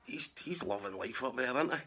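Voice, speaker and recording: A man's voice: medium pitch, expressive, fairly quick, sharp tone, husky. A man with a Scottish accent telling a rambling camping story in a casual, sweary way, laughing as he goes.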